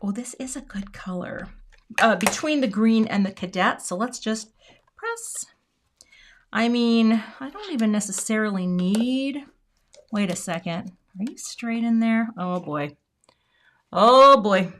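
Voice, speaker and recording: A woman's voice: a little high, expressive, unhurried, a bit bright. Chatty American woman hosting a craft stream. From United States. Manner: chatty, self-deprecating, greets viewers by name. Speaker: card-making livestream host. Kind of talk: casual live crafting chat.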